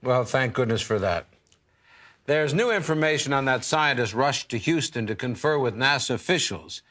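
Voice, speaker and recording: An actor playing a male TV news anchor with smooth, authoritative hand-offs. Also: mid-range voice, animated, moderate pace, a bit bright, lightly acted. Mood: measured.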